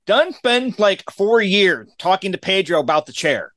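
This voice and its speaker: Male podcast host, slightly high voice, dry matter-of-fact recap delivery, close dead-sounding mic. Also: sing-song, normal speed, fairly bright tone, no room sound. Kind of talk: casual recap chat.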